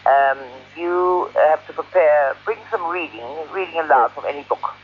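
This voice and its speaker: A woman's voice: low-pitched, moderate pace, a little hiss or hum. A woman working as a drama coach, speaking in a blunt, brusque and impatient way on a phone call. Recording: muffled telephone line on old radio tape.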